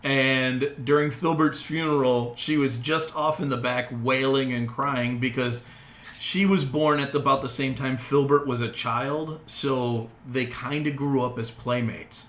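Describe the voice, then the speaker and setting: Bright-voiced game master in an echoey room. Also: male voice, mid-range voice, fairly even intonation, a little slow. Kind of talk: narrating a tabletop game.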